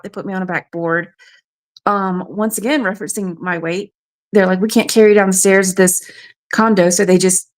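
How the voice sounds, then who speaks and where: A woman from South Carolina, frankly recounting a personal ordeal as a radio show guest. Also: mid-range voice. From South Carolina, USA. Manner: frank, matter-of-fact storytelling. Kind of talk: personal testimony.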